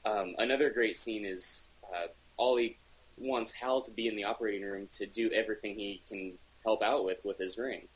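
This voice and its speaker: Guy with a husky lowish voice, gushing and rambling on a casual podcast. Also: steady tone, normal speed, poor audio. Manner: enthusiastic, rambling with frequent restarts. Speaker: podcast co-host reviewing comics. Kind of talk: casual chat.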